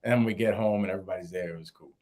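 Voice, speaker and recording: A young man, co-host of a podcast, telling a story in casual chat and acting out quotes in a higher voice. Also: very fast. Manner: animated, acts out quotes in a higher voice.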